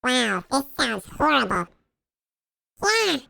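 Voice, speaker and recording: A squeaky, processed girl voice, a man speaking through a voice changer, pitched high with a crackly gravel and lifted in bright swoops. It drags slowly and sits dry and close to the mic, plainly artificial. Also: sing-song, no echo, full character voice. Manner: testing and complaining. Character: man heard through a shrill girly voice changer. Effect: high-pitched girl voice filter. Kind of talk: casual streaming chat.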